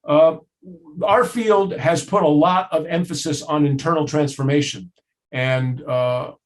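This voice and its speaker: A man's voice: on the high side, fairly even intonation, a little slow. Man lecturing in a conversational tone. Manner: conversational, with frequent "uh" fillers and listing. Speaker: trainer. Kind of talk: recorded training lecture.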